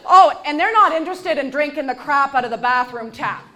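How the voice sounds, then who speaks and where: A woman with a high voice delivers a stand-up comedy set on a stage. Her delivery is punchy and sarcastic, with dry deadpan asides. A live audience laughs faintly behind her. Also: brisk, few pauses, crowd noise, background noise.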